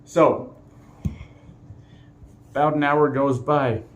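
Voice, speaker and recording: A man's voice: a little high, drawn-out words. Middle-aged man telling a road story. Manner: animated storytelling, chuckles, talks to viewers. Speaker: truck driver vlogger. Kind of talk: casual storytelling vlog.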